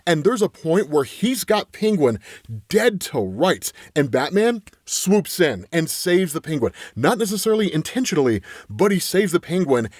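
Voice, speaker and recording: A man's voice: on the high side, sing-song, moderate pace, a little mellow, no room sound, studio quality. A man hosting an enthusiastic, casual comic-book recap, tossing in "right?" and "just like" constantly. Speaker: comics explainer host.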